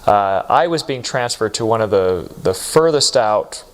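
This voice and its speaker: Man, low pitch, american, halting storytelling, lots of fillers. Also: lively intonation. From United States. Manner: halting, many fillers and restarts. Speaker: interviewee recalling mission abroad. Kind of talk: recorded interview storytelling.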